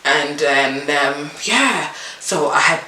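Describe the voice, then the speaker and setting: A woman vlogger casually telling a personal story to camera, animated and acting out what people said to her. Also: deep voice, takes it slowly. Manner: animated, acts out the midwives' and her own lines in a raised voice. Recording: echoey room, mic at a distance, faint hiss.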